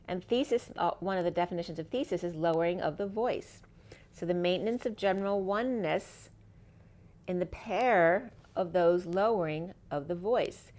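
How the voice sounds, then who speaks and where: Low-voiced woman giving a tarot reading. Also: moderate pace, a little mellow. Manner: meandering, free-associating wordplay. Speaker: tarot reader. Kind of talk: spiritual tarot reading monologue.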